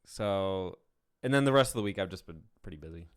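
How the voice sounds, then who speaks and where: A man's voice: deep voice, lively intonation, fairly quick, smooth. A man co-hosting a live video game podcast, chatting casually and joking about his week. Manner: easygoing, joking. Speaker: podcast co-host. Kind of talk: casual chat.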